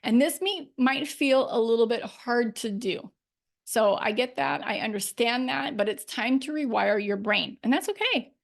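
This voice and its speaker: Upbeat woman coach, slightly high voice. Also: moderate pace, gravelly. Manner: upbeat, emphatic, laughs often. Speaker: life coach, podcast host. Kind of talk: solo podcast talk.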